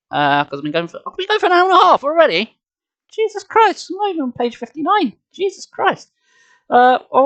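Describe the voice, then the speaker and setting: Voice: mid-range voice, a bit bright, no room sound. A streamer chatting casually and swearing freely with viewers between chapters of a live reading, on a headset. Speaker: streamer reading a book aloud.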